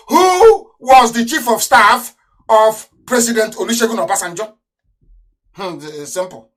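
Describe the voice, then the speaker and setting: A man with a Nigerian accent delivering an impassioned live radio address, full of scornful rhetorical questions, swinging between loud outbursts and low mutters. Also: expressive, a little slow, low-quality recording. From southeastern Nigeria. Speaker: radio broadcaster and activist.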